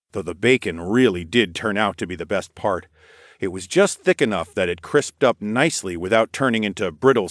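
A man narrating a story in the first person with steady, descriptive storytelling. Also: lowish voice, dry recording, clean studio sound. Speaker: audiobook narrator.

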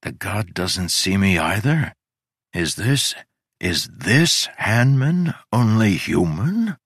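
A man voicing a volatile, foul-mouthed male digger who shouts and curses in a rage. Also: lowish voice, very animated, slow pace, breathy edge, dry recording, clean studio sound, full character voice. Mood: nervous whisper. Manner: shouting, cursing, raging.

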